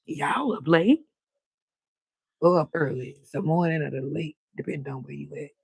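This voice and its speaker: Gravelly, husky woman chatting late at night. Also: low-pitched, normal speed, dry recording. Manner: loud, animated, cusses freely. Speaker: livestream host. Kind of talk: late-night livestream chat. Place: balcony outdoors at night.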